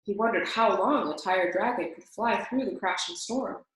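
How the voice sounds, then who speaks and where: A woman reading a children's storybook aloud in calm, steady narration. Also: medium pitch, normal speed. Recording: very echoey room.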